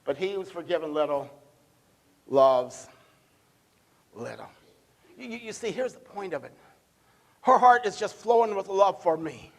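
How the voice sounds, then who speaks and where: Man, pastor's sermon in a church, high-pitched voice, emphatic, dips from loud to hushed, repeats words. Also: lively intonation, measured pace, pauses often, long reverb tail. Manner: repeats words when building a point. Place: church sanctuary.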